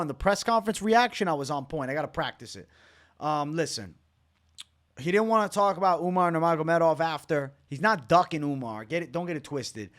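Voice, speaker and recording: Man, fight reaction host, slightly high-pitched, blunt and opinionated, swears a lot, late-night tired. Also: fairly bright tone. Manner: loose, opinionated, swears freely. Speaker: MMA reaction channel host. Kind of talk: casual fight breakdown to camera.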